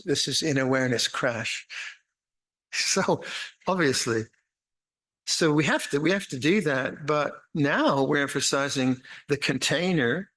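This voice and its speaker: An older man, a monastic teacher, giving an unhurried, reflective dharma talk with meditation instructions, often restarting phrases and adding gentle humor. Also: medium pitch. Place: retreat meditation hall.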